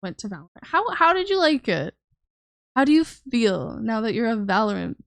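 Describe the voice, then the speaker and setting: Gravelly woman, teasing stream chat. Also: a little high, big pitch swings, normal speed, dry recording. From Canada. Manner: teasing, swears freely, chats with viewers while drawing. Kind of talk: casual live-stream chat.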